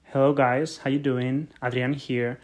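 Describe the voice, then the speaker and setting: A young man from Spain, a Spanish speaker with a Spanish accent, records a friendly and direct question for the hosts. His voice is mid-pitched and even. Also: measured pace. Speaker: listener leaving a voice message.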